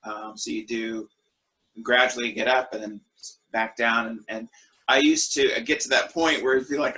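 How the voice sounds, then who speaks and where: A man leading an online worship discussion over a video call, telling stories in a relaxed way with fillers. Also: mid-range voice, moderate pace, poor audio. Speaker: group discussion leader.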